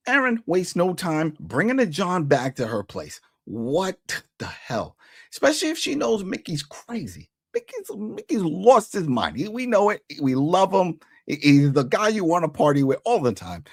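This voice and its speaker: A man giving a casual recap of a TV episode, retelling the scenes in a chatty way and slipping into quick voices for the characters. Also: mid-range voice, dry recording, clean studio sound. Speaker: TV recap host.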